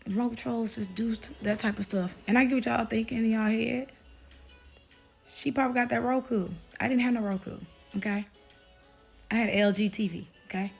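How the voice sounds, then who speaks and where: A young adult woman telling her testimony to viewers in a casual, animated way, talking straight to the audience and insisting she is not kidding. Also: mid-range voice. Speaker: Christian testimony vlogger.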